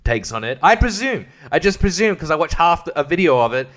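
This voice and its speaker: A man's voice: a little high, sing-song, a little fast, fairly bright tone. Sarcastic, rambling guy. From Australia. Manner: sarcastic, rambling, frequent fillers and laughs. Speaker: podcast host. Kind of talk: rambling solo podcast.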